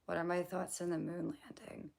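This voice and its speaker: A young woman hosting a casual livestream, hoarse from losing her voice, rambling, swearing and laughing at her own jokes as she answers chat. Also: fairly low pitch, level tone, moderate pace, a little mellow.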